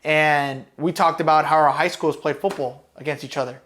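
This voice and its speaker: A man from Los Angeles County with a fairly high voice tells stories from his time as a Marine. His talk is loose and profane, full of "you know" and "dude". The delivery is casual and rambling. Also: steady tone, normal speed, a bit bright. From Los Angeles County, California. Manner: profane, rambling, with many fillers. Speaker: Marine combat veteran guest. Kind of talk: casual storytelling.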